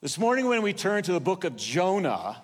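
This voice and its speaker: An older man preaching a sermon in a church auditorium, telling stories with swings in loudness and pace. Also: high voice, very animated, normal speed, breathy edge, in a large hall. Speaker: pastor.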